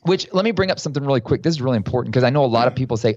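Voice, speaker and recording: A man, a guest author and coach, telling stories in a casual, lively way during a podcast interview. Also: medium pitch, rapid-fire, no echo, dull audio.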